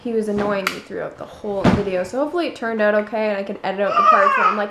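A woman's voice: medium pitch, very animated, rapid-fire, hardly any pauses, very noisy. A young woman chatting casually at home for her family vlog, rambling with lots of fillers and sometimes dropping to a whisper. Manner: rambling, many fillers, drops to a whisper at times. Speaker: family vlogger.

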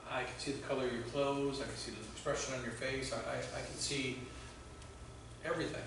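A male pastor giving a conversational sermon, telling stories with halting restarts. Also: medium pitch, level tone, background noise. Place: church sanctuary. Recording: very echoey church hall from far off.

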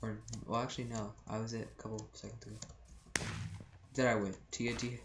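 A teenage gameplay commentator talking excitedly and yelping in panic, repeating phrases over and over. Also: medium pitch, fairly quick, background noise. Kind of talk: excited let's-play commentary. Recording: echoey room with keyboard clicks.

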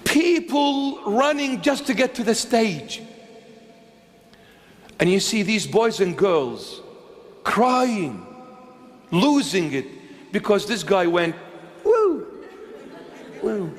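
A man's voice: sits high, sing-song, slow pace, pauses often, in a large hall. A man, a bishop, preaching a sermon with emphatic, pleading repetition. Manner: emphatic, repeats phrases, pleading.

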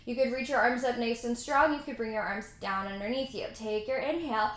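With a fairly bright, somewhat high voice and a slightly quick pace, a woman teaches mat pilates in an echoey room. She's the instructor, giving cues, counting repetitions and adding chatty comments.

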